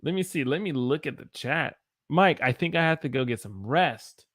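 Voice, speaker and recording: An American man in his thirties teaching English on a live stream, speaking slowly and repeating phrases for learners to copy. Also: fairly high pitch, expressive, a bit bright.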